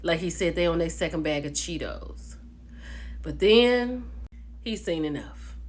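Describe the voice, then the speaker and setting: A woman vlogger recapping a reality show in a casual gossip style, animated, calling viewers "baby" and "child". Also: lowish voice, a little slow. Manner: animated storyteller, calls viewers "baby" and "child", laughs often.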